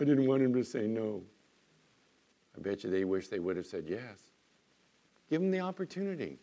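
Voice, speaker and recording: A man preaching as pastor, dropping to soft, earnest tones and then rising into loud, emphatic bursts. He voices the objections of doubters as he goes. His voice sits in a middle pitch for a man. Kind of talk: sermon.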